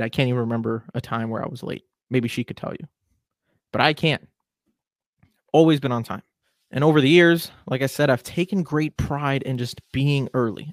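A man's voice: medium pitch, dry recording, clean studio sound. A man in his twenties hosting a solo podcast, talking casually and with strong opinions. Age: 20s. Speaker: podcast host.

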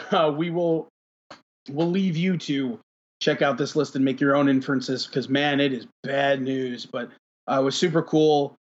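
A man's voice: mid-range voice, fairly even intonation, measured pace, lo-fi sound. A man hosting a podcast in casual chat, rambling with lots of fillers and cursing freely. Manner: rambling, heavy on fillers, profane. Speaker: podcast host.

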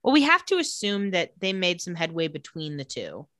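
A lower-pitched woman co-hosts a casual podcast, recapping a TV episode and acting out the characters' lines in quick voices as she tells the story with lively energy. The recording is dry, with clean studio sound.

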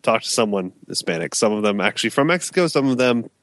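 A man's voice: lowish voice, fast, slight background noise. A man from Dallas ranting animatedly on a casual podcast. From Dallas, Texas. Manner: animated, mocking imitations. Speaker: podcast co-host.

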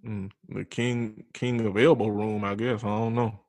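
A man's voice: lowish voice, little pitch movement, unhurried, darkish tone. A man co-hosting a casual show recap, agreeing emphatically and tossing in snappy, profane quips. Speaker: podcast co-host. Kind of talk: casual reality-TV recap chat.

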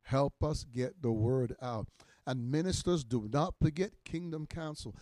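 A man in his sixties, a minister teaching in a podcast sermon, emphatic and repetitive, his voice swelling loud on key words. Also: medium pitch, unhurried, no room sound. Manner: repeats phrases for emphasis.

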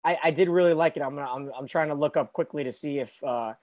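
A man's voice: fairly high pitch, fast, darkish tone. A man hosting a podcast in casual chat, talking loosely and often correcting himself. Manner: chatty, loose, self-correcting. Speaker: podcast host.

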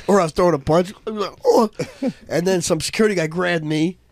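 A middle-aged man on a casual podcast, telling fight stories in an animated, profane way and acting out other people's voices. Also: sits high, fast talker. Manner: animated storyteller, profane, acts out voices loudly. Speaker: podcast co-host, fight coach.

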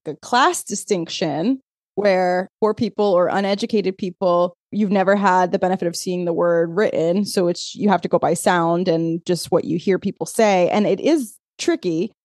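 Animated woman with a mellow voice. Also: fairly low pitch, moderate pace, dry recording, studio quality. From Azores. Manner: animated storyteller, laughs often, acts out quoted texts. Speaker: podcast co-host. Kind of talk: casual chat.

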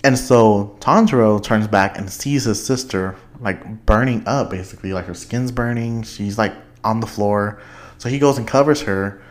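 Young male podcast host, casual and chatty, low-pitched, quick to laugh, lots of fillers. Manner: excitable, laughs often, rambling with many fillers. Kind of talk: casual chat.

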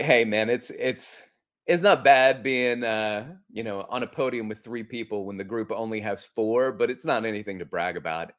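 A middle-aged man hosting a podcast, telling a personal story in an earnest, reflective way with frequent restarts. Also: on the low side. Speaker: podcast host. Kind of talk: personal story and coaching talk.

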